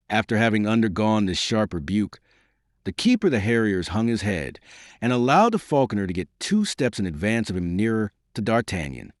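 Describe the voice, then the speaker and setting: A man narrating a classic novel in a measured storytelling way. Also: on the low side, animated, no echo, studio quality. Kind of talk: scripted audiobook narration.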